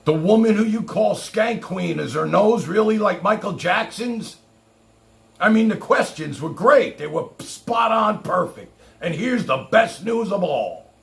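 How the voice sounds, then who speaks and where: A man's voice: high voice, lively intonation, unhurried, gravelly. A man hosting his own livestream, talking casually in a boastful, rambling showman's way. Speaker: livestream host.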